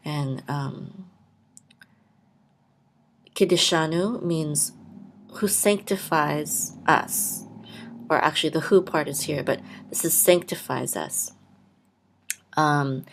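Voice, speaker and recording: A woman hosting a podcast, patiently teaching a reading lesson, sounding out syllables one by one and repeating each word. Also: deep voice. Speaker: podcast host and Hebrew blessing teacher. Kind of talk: slow step-by-step reading lesson.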